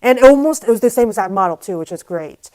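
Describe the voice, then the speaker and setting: A woman vlogger telling a story to camera in a casual, animated, exasperated way, with lots of "like". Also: mid-range voice, fast, poor audio. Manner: casual, filler-heavy speech with frequent "like".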